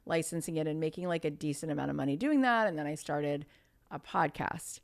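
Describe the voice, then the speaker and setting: Woman, 30s, podcast guest; lower pitch, animated casual storyteller. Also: a little fast, creaky. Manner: chatty, animated storytelling with many "like" fillers.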